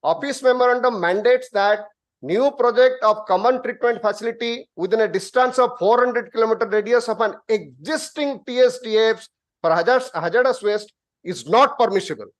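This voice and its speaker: Courtroom lawyer, man, Indian English, high voice, pressing his point. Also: normal speed. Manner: insistent, addresses the bench as my lord. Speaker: advocate. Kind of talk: courtroom argument.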